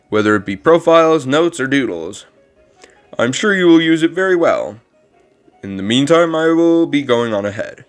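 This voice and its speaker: A man putting on a gentle old monster caretaker, rambling and formal. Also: medium pitch, lightly acted. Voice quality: strained put-on voice. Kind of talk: reading game dialogue aloud.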